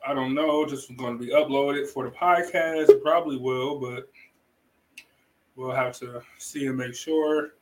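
A man's voice: mid-range voice, fairly even intonation, unhurried, poor audio. A man from Cleveland hosting a podcast in casual chat, laid-back, joking and slangy. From Cleveland, Ohio, USA. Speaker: podcast host.

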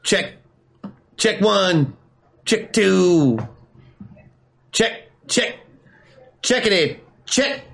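A man voicing an earnest, emotional male turkey drumstick who speaks slowly and haltingly. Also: sits high, animated, gravelly, a bit bright, full character voice. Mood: heartfelt. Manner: slow, heartfelt, halting speech.

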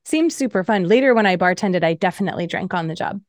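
A woman's voice: medium pitch, lively intonation, quick pace, dry recording. Casting: wry, matter-of-fact female co-host, dry close mic. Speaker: podcast co-host, former server and bartender. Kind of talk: casual chat.

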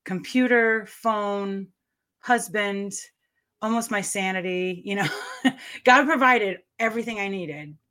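A middle-aged woman, an author guest in an interview, telling her story in an excitable, rambling way with frequent laughter. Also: medium pitch, slow. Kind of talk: conversational interview.

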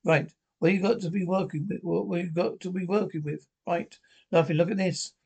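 A man's voice: high-pitched, fairly even intonation, moderate pace, creaky, a little mellow, breathy edge, heavily acted. An older man, playing a bickering pensioner in a broadcast sitcom. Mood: banter. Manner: bickering, crude banter.

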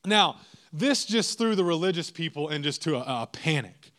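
A pastor preaching a sermon, emphatic, repeating key phrases and asking the congregation questions. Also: male voice, a little high, animated, normal speed, fairly bright tone.

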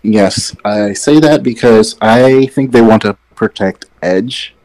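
A man co-hosting a podcast, giving his opinions in relaxed casual chat while sitting away from his mic. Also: on the low side, slow, poor audio. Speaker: podcast co-host.

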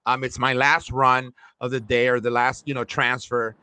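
A man hosting a podcast, telling long, animated stories in a casual chat. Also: mid-range voice, normal speed, clean tone, no echo. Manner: long-winded, animated storyteller. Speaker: podcast host.

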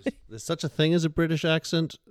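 A man with a Northern Irish accent, chatting casually as a podcast guest and explaining things in a relaxed way. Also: fairly high pitch, fast, smooth. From Northern Ireland. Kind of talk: casual chat.

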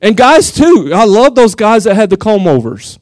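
A man with a West Texas accent, a pastor giving a lively, joking sermon and acting out quotes. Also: high-pitched, normal speed, dry recording. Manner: animated, jokey, laughs often, acts out quotes.

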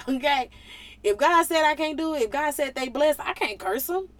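A woman gives a casual Bible lesson in a high, bright voice. Her pitch leaps around as she talks. She uses a lot of slang and keeps slipping into playful character voices. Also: expressive, moderate pace. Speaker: Bible teacher.

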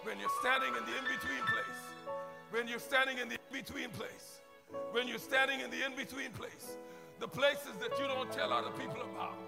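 High gravelly preacher in a hall. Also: male voice, fairly even intonation, normal speed, music in the background. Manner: impassioned preaching, rising to shouted worship. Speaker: pastor. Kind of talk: sermon. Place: church sanctuary. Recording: long reverb of a large hall.

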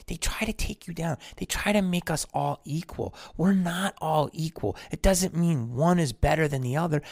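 A man's voice: fairly high pitch, gravelly, a little mellow, no echo, clean studio sound. A man who is an actor and podcast host, delivering a blunt, profane, rambling monologue in casual talk. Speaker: actor on tour.

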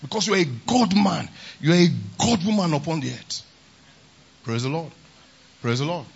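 Emphatic high-voiced preacher. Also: male voice, expressive, moderate pace, gravelly, breathy edge, lo-fi sound. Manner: emphatic, repeats "praise the Lord". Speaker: pastor. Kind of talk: sermon. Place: large conference hall.

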